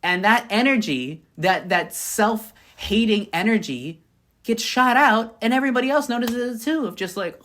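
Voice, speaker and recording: A young adult woman giving a blunt, profane motivational monologue to camera. She often repeats lines for emphasis and swings between high bursts and low murmurs. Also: expressive, normal speed, fairly bright tone. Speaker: vlogger.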